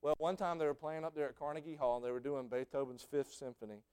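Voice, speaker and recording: Preacher man, smooth and clear, spins sermon stories, quiet then loud. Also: fairly high pitch, steady tone, fast. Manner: storytelling, swings from hushed to shouting.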